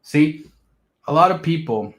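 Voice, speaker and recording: A man's voice: fairly high pitch, unhurried. A man giving casual, emphatic market commentary on his stream, repeating his points. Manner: emphatic, repetitive, animated swings in loudness. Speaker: crypto streamer.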